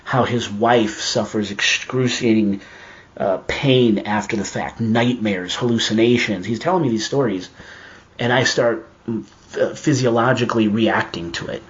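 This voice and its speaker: A man telling a personal story in a casual, animated way, acting out his own reactions as he goes. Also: fairly low pitch, unhurried, highs cut off.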